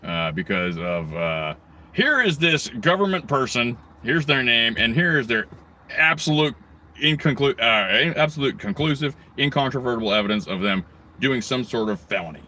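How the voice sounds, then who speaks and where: Ranting, swearing man with a forceful voice. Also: medium pitch, animated, normal speed, a little hiss or hum. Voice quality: rambling, heavy swearing, mocking asides. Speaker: video blogger. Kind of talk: angry profane rant.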